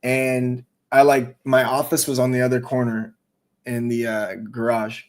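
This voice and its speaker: A man's voice: mid-range voice, completely flat delivery, measured pace. Slangy, laughing man telling a story. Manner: slangy, profane, laughs between lines. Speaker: livestream host. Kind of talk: casual storytelling chat.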